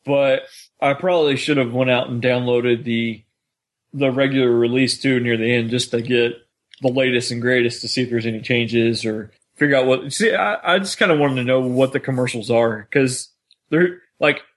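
A man co-hosting a podcast, chatty and quick to laugh while discussing episodes. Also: mid-range voice. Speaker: podcast co-host. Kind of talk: casual chat.

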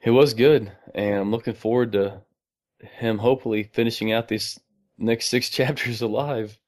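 Monotone podcast co-host, dry room. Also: male voice, medium pitch, normal speed, dry recording. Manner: self-described monotone, laughs often. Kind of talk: casual chat.

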